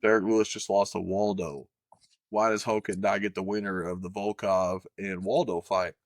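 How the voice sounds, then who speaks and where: Profane, animated male podcast host. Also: deep voice, moderate pace, dry recording, studio quality. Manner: profane, animated, jumps into playful impressions. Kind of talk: casual chat.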